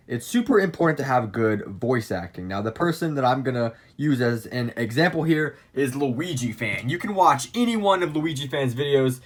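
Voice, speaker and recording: A young man talks straight into his phone camera in a loose, casual tutorial, his voice sitting at an ordinary middle pitch. He rambles and keeps circling back with fillers and restarts as he passes on tips. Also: a bit bright. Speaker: plush video creator giving channel tips.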